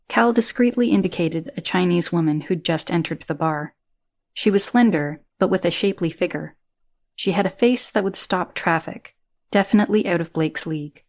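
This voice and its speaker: Low-voiced woman audiobook narrator. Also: normal speed.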